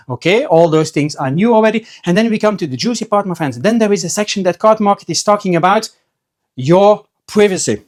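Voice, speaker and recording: A man's voice: high voice, expressive, a little fast. Chatty man telling a story to camera. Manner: chatty storyteller, acts out quoted voices, frequent restarts. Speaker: trading card seller and video host. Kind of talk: casual talk to camera.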